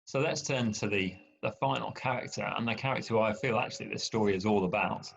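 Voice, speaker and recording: Man, preacher, conversational sermon, gravelly, dull lo-fi recording. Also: lowish voice, quick pace, a bit bright. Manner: conversational, storytelling, wry asides. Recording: dull lo-fi sound.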